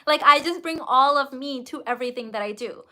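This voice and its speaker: A high-pitched woman coach talks to her viewers in a casual livestream. Her voice is bright and forceful. She is gushing and emphatic and throws in the odd curse word. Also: a little fast. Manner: effusive and emphatic, with casual swearing. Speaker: business coach and host.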